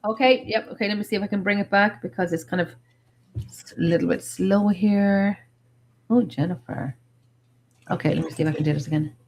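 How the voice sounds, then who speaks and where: Excitable Irish woman, animated chat. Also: mid-range voice, a little fast, a little hiss or hum. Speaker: paranormal investigator host. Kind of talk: casual chat.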